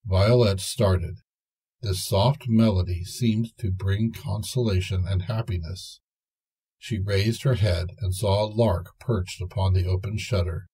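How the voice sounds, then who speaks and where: An older man reading a fairy tale aloud as a storyteller, in a slow, gentle manner. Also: deep voice, fairly even intonation, slightly rough.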